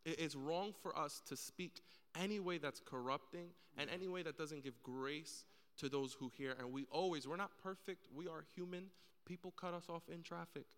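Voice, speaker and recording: Man, church panel speaker; earnest storyteller, crisp tone, reverberant hall. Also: on the high side, normal speed, fairly bright tone. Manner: earnest storytelling, acts out quoted voices.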